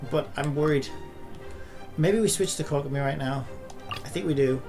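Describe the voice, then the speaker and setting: Streamer, male, higher-pitched and gravelly, sweary, ranting at his game, with faint music behind. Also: moderate pace. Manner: frustrated, swears a lot, rants at the game. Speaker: gaming streamer. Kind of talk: live gameplay commentary.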